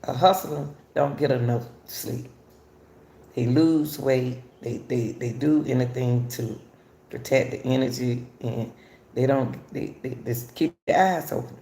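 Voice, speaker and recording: A woman's voice: a bass voice, measured pace, gravelly, dark tone, reverberant, slight background noise. An older woman, hosting a casual talk for viewers and repeatedly addressing them as y'all. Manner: repetitive, chatty, addresses listeners as y'all. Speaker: host.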